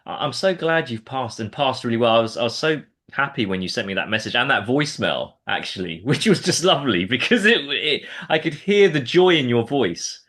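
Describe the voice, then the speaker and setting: A man's voice: mid-range voice, very animated, a little fast, hardly any pauses. A man interviewing a candidate, encouraging and often restarting his words as he talks. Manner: warm encouraging, repeats words when starting sentences. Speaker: exam mentor and interviewer. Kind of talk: casual interview chat.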